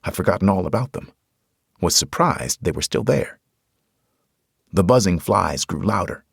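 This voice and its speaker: A man's voice: deep voice, lively intonation, normal speed, gravelly, breathy edge, no room sound, studio quality. A man narrating a horror audiobook in the first person, with dramatic storytelling.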